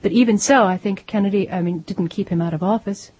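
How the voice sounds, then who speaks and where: Breathy middle-aged woman from Pennsylvania. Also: medium pitch, fast. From Lancaster, Pennsylvania. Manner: animated, self-interrupting, laughs easily. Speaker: author guest. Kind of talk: radio interview conversation. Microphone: studio microphone.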